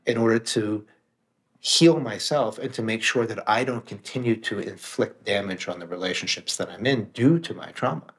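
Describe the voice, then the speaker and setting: A man's voice: fairly low pitch, moderate pace, a bit bright. A middle-aged man, a guest author and meditation teacher, talking emphatically and plainly in casual conversation, sometimes swearing for emphasis.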